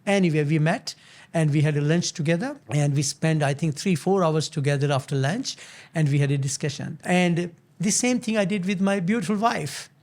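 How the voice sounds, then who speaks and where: An older man hosting his own show, giving earnest, motivational business advice in a halting way, often restarting and repeating words. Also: fairly high pitch, a little mellow. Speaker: business founder and show host.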